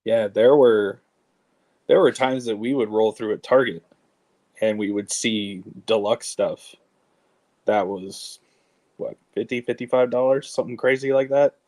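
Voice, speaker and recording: A man's voice: medium pitch, measured pace, a little mellow. A man in an easygoing casual chat, often agreeing along. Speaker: guest.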